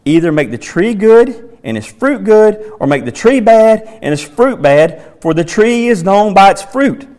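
Emphatic high-voiced male preacher. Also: big pitch swings, a little slow, hardly any pauses, darkish tone. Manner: emphatic, dramatic rereading of quoted lines. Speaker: pastor. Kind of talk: sermon.

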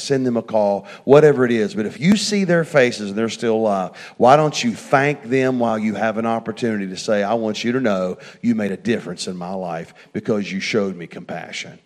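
A middle-aged man preaching a sermon, telling a personal story and swinging from hushed asides to loud, fervent passages. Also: medium pitch.

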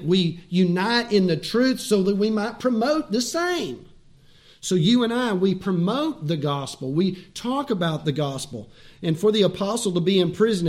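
Male preacher, high-pitched, conversational sermon delivery with emphatic pauses. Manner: conversational preaching with rhetorical questions and emphatic slowdowns. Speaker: pastor.

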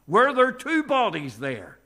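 Middle-aged guy preaching, high bright voice, lots of uh's, punches the key points. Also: huge pitch swings, slow. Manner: earnest, rising emphasis on key points; frequent "uh" hesitations. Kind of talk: sermon.

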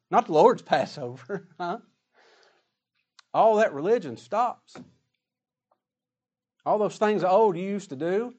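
A man preaching a sermon emphatically, swinging between loud declarations and hushed asides. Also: fairly high pitch.

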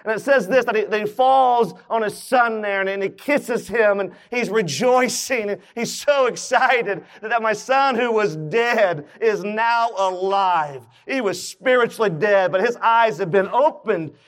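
A pastor retells a Bible story in his sermon, acting out its characters' voices with rising excitement. His voice sits high, and he speaks unhurriedly with few pauses.

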